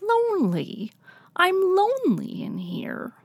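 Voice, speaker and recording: A woman voicing a lonely, childlike female computer program in a storybook, high and plaintive. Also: huge pitch swings, takes it slowly, no echo, heavily acted.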